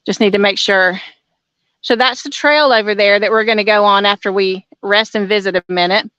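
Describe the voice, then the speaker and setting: A woman's voice: medium pitch, normal speed, a bit bright, smooth, dry recording, highs cut off. A woman chatting casually with viewers during an outdoor livestream, a little out of breath and friendly. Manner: friendly, addresses viewers as y'all. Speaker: channel host. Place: outdoors by a waterfall.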